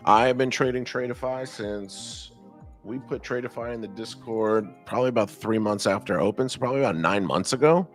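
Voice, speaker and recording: A man's voice: medium pitch, brisk, soft background music. A man co-hosting a live trading stream in casual, hyped banter, swearing now and then. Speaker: trader co-host.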